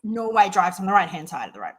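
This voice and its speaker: A woman's voice: medium pitch, fast talker, breathy edge. An Australian woman co-hosting a craft chat channel, telling stories in casual chat and acting out quoted dialogue. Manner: animated storyteller, acts out quoted dialogue.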